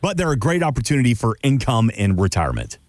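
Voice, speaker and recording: A male radio host with a Southern twang, playful and jokey, whose pitch swings widely as he talks. The sound is dry and close to the mic. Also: very animated, quick pace, no echo. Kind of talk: casual radio show chat.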